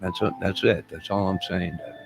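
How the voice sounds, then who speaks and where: A man's voice: deep voice, fairly even intonation, a little fast, creaky, music in the background. A man talking to his camera in a rambling casual monologue, telling a story with asides and chuckles. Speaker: vlogger.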